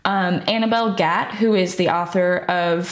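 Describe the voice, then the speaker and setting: A woman's voice: lowish voice, fairly even intonation, moderate pace, roomy sound. A woman guest on a casual podcast, an astrologer talking in a chatty, friendly way with many fillers.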